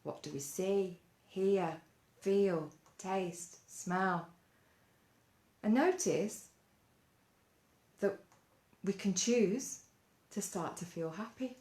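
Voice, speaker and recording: A woman leading a gentle mindfulness lesson for children, coaxing them along with lots of playful questions. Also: medium pitch, drawn-out words, pauses often. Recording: roomy echo.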